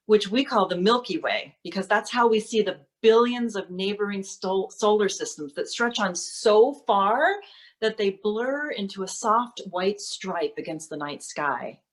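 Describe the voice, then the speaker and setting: A woman performing a wry, playful monologue excerpt with bits of mock outrage. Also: medium pitch. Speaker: solo performer.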